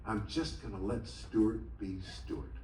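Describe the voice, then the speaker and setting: A man imitating a bandmate who gives calm, offhand instructions, speaking softly and slowly. It is recorded from the audience in a theatre. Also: lowish voice, roomy sound, distant mic, noisy background, pitched below the performer's own voice. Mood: laid-back. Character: bandmate giving calm, laid-back instructions.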